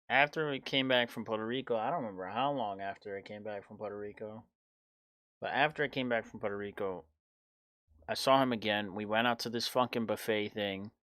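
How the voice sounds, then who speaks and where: A man's voice: on the low side, a bit bright, dry recording. A young man in his twenties telling a personal story in a casual, blunt, profane way. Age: 20s. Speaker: podcast host.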